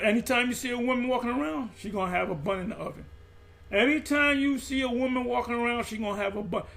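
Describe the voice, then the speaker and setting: A man's voice: high-pitched, creaky, a bit bright. A man preaching in an impassioned monologue, emphatic and repetitive, often stumbling and restarting mid-phrase. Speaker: religious group teacher.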